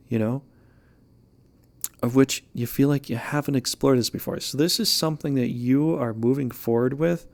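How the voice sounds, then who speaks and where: A man with a gravelly, creaky voice talks through a casual tarot reading. His pitch sits in an ordinary middle range. He rambles and jokes, often stopping to restart his sentences. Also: a little mellow. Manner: rambling and joking, with frequent restarts. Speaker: amateur tarot reader.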